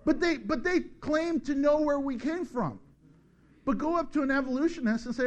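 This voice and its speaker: A man's voice: very high voice, moderate pace. A middle-aged man preaching a sermon, joking and acting out little voices as he goes. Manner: animated, joking, acts out voices.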